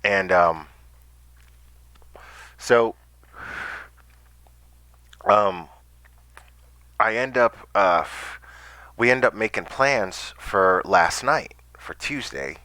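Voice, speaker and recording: A man's voice: fairly low pitch, expressive, drawn-out words, pauses often, pushed and bright, no room sound. A man telling a personal story casually, rambling with stammered restarts and swearing.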